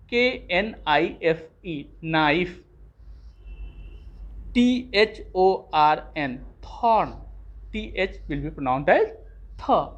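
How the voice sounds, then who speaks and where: Slow, deliberate teacher spelling words aloud for small kids, dull lo-fi sound. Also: mid-range voice. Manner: spells words letter by letter, then says each word clearly. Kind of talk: slow phonics lesson for young children.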